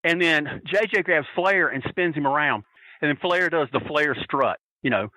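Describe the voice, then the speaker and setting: A man, a podcast guest, telling a story in an excitable, profane way and acting out what people said. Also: fairly high pitch, a little fast, dry recording, rough recording. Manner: profane, excitable, acts out quotes. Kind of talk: animated storytelling.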